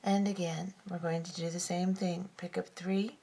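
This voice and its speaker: Woman, craft tutorial host, low-ish voice with vocal fry, patient and step-by-step. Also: little pitch movement, normal speed, warm tone. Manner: patient, methodical, repeats steps.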